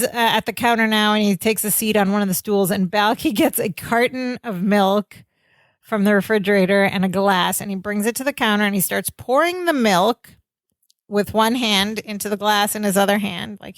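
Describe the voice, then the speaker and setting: A woman's voice: mid-range voice, steady tone, normal speed, no echo. A woman co-hosting a podcast, narrating scene details in casual chat and laughing often. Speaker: podcast co-host.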